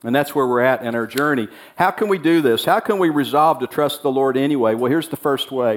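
A man's voice: medium pitch, brisk, few pauses. A man preaching a sermon, earnest and repeating key phrases as he voices the prophet's words. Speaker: pastor.

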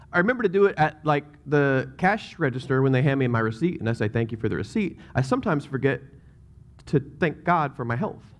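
A man, a pastor, preaching a sermon in a conversational way, with joking asides and emphatic scripture readings. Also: fairly high pitch.

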